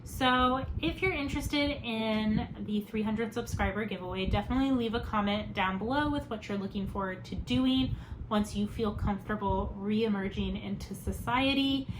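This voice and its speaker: A woman hosting a crafts podcast, talking in a relaxed, rambling way and filling gaps with "you know". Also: medium pitch. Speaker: podcast host. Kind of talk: casual chat. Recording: steady background noise.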